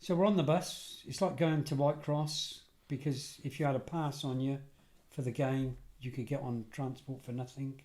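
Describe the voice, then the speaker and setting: A middle-aged English man, a podcast guest, telling lively anecdotes in a casual conversational way and often correcting himself mid-sentence. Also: medium pitch, moderate pace. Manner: animated anecdotal storyteller, self-correcting. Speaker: podcast guest, former detective and security head. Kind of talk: casual storytelling.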